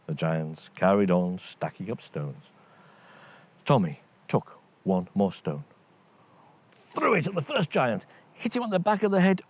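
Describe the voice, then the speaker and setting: A man narrating a children's bedtime story in a lively voice, putting on voices for the characters. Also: on the low side, measured pace, breathy edge.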